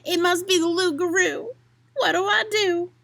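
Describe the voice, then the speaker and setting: A woman voicing a young, forgetful boy possum who scares easily, in high breathless exclamations. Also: steady tone, moderate pace, gravelly, fairly bright tone, dry recording, full character voice. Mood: frightened.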